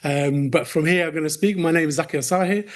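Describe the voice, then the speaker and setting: A man's voice: fairly high pitch, fast. A young man with an English accent giving a friendly conference presentation, apologetic and casual, with some Arabic phrases. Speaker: community researcher presenting.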